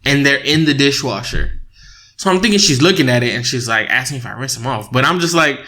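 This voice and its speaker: A young man co-hosting a casual podcast with his wife, telling an animated story, laughing often and acting out both sides of an argument. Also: mid-range voice, a little fast. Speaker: podcast co-host. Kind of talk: casual married-couple podcast chat.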